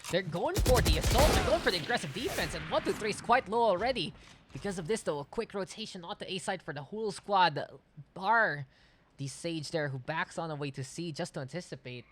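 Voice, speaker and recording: A woman from the Philippines calling a competitive shooter match as play-by-play caster, getting loud and excited on big plays. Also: on the low side, fairly quick. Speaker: esports caster. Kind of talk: esports play-by-play commentary.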